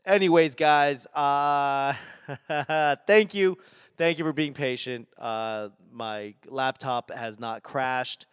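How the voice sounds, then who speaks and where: A man in his forties with a faint Boston accent hosts his podcast alone, rambling with wry, self-mocking asides. His voice is smooth and clear, recorded close and dry with no room sound. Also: mid-range voice, no echo. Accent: softened Boston. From Boston area, New England. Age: 40s. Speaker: podcast host and stand-up comedian. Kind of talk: solo casual podcast rambling.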